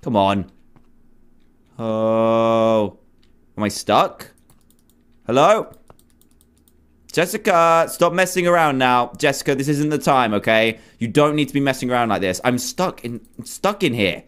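A man's voice: mid-range voice, lively intonation, measured pace, long pauses, a bit bright, smooth. Jumpy young man narrating a horror game. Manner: jumpy, exclaiming, talking to himself and viewers. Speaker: gaming video host. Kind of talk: let's play commentary.

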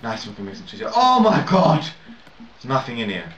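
A young man whose first language isn't English rambles and swears through casual gameplay commentary, laughing at his own mistakes. He has a medium-pitched, a bit bright voice with huge pitch swings, at normal speed. The sound is lo-fi and roomy, from a home mic at a distance.

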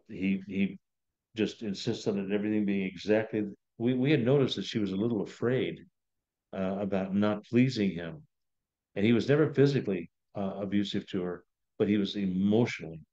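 Over dull, lo-fi video call audio, a man with a fairly low, dark-toned voice leads a Bible study at a moderate pace. He's a pastor who tells it conversationally, like a story, and acts out the quotes.

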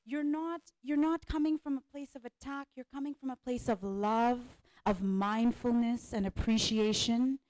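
At a conference panel in a conference hall, a woman who works as a speaker and life coach delivers a lively motivational talk to a live audience. She repeats phrases and keeps checking in with "right?", speaking on the high side at a moderate pace with few pauses and no room sound.

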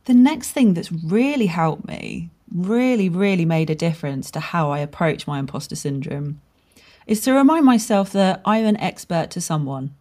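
A woman's voice: medium pitch, lively intonation, moderate pace, darkish tone. A woman hosting a solo podcast, talking candidly and casually, swearing freely as she tells stories. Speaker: podcast host and brand strategist.

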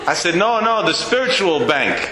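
A rabbi with a somewhat high, bright voice tells a lively story from the pulpit, acting out each exchange. The sound rings in an echoey hall. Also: male voice, normal speed, a little hiss or hum. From United States. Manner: animated storyteller acting out dialogue. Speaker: rabbi lecturer. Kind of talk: storytelling sermon. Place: synagogue hall.

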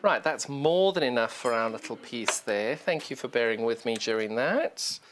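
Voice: mid-range voice, animated, moderate pace, background noise. A presenter doing a live TV sewing demonstration, chatty and self-deprecating, explaining step by step while working and talking to the sewing machine. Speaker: shopping channel sewing presenter.

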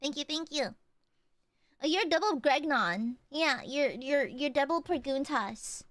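A young woman streaming a game, chatting casually, teasing her chat and reading out donations in a playful, animated way. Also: dry recording. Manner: animated, quick pitch jumps. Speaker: VTuber streamer. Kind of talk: casual live-stream chat while gaming.

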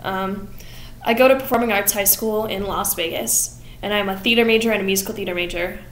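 A young woman in her late teens, a theater student, excitedly rushing through a plot recap with rambling asides. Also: mid-range voice, roomy sound, a little hiss or hum. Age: young adult. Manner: excited, rushed, rambling with fillers and laughs. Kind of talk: fast plot recap vlog.

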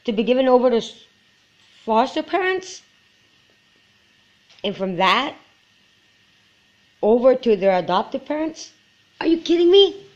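A woman's voice: fairly high pitch, a bit bright. A woman in her forties from Quebec, speaking earnestly and with emotion in a personal vlog to camera. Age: 40s. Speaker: vlogger.

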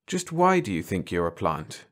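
A man voicing a gentle, middle-aged male army doctor who asks calm, probing questions in a storybook reading. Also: sits low, normal speed. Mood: gently probing.

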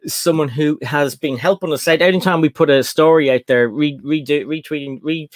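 A man with a slightly high voice hosts a relaxed live build stream, reading out viewers' names and filling the gaps with ums and uhs. His voice sounds very dry and close, with no room around it. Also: normal speed, no echo. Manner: chatty, reads out chat names with fillers. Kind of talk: casual live-stream chat. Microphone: desk setup, computer far away.

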